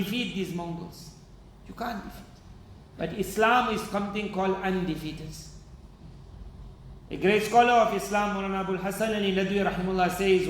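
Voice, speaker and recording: A man's voice: high-pitched, a little hiss or hum. A male imam preaching a sermon, earnest and dramatic as he retells stories with quoted dialogue. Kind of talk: sermon storytelling. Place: mosque. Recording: echoey mosque hall, faint ambience.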